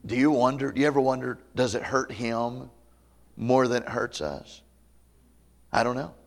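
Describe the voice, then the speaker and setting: A man pastor preaching a camp meeting sermon to a congregation, conversational and folksy, with humor and loud emphatic peaks. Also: mid-range voice, normal speed. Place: church meeting before a live congregation.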